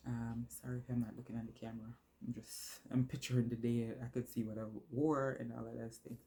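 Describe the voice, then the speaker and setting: A woman's voice: extremely low pitch, level tone, a little fast, dark tone, slight background noise. A woman vlogger telling a personal story to her phone camera, rambling and losing her train of thought along the way.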